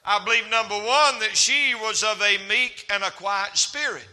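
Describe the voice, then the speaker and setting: A man's voice: high voice, normal speed, sharp tone. A man preaching a folksy, humorous sermon as a traveling evangelist in a church. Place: church hall. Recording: reverberant church hall.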